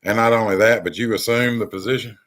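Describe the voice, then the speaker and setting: A man's voice: on the low side, fairly even intonation, quick pace, fairly bright tone. A man hosting a political commentary monologue, rambling and exasperated, with many ums and restarts. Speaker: channel host.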